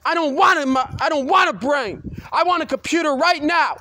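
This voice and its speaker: A man ranting on his own in an agitated, repetitive way, swearing and breaking into loud outbursts. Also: extremely high pitch, moderate pace. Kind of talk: solo rant to camera.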